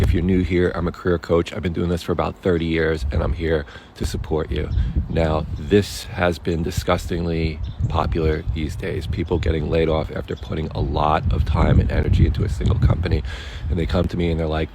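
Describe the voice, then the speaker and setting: A man's voice: deep voice, level tone, moderate pace, background noise. A middle-aged man, a career coach, giving direct, encouraging advice to camera.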